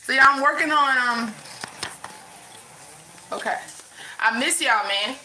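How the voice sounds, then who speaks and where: A woman's voice: high-pitched, slow, bright, forceful tone, reverberant, a little hiss or hum, poor audio. A woman chatting casually with viewers from her bedroom, talking in a loose, rambling way with a runny nose. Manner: chatty, addresses viewers as y'all, lots of restarts. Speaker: vlogger. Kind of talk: casual livestream chat.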